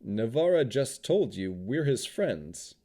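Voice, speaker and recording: A man reading a steady loyal adventurer. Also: medium pitch, takes it slowly. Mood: reassuring. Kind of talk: audiobook character voice.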